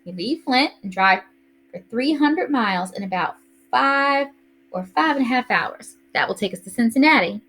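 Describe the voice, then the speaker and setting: A woman's voice: fairly high pitch, expressive, normal speed, a bit bright, pitched above the performer's own voice. A woman reading aloud, voicing an organized mother who lists a road-trip plan step by step. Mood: businesslike. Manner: orderly, listing plans step by step. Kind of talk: reading a novel aloud to a class.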